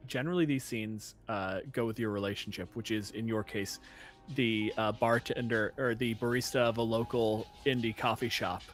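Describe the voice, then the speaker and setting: A man's voice: lowish voice, fairly even intonation, moderate pace, faint music behind. Casual male game master. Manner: casual, filler-heavy narration. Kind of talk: narrating a tabletop game.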